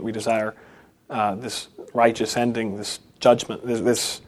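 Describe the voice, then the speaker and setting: Man of ordinary pitch preaching loosely, stumbling and building emphasis. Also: little pitch movement, a little mellow. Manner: halting, with many restarts and rising emphasis. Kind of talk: unscripted sermon.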